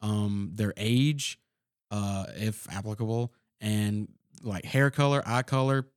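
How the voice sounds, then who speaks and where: A soft-spoken man co-hosting a podcast about tabletop games, chatting casually. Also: on the low side, slow, smooth, no echo, studio quality. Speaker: podcast co-host, game master. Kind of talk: casual chat.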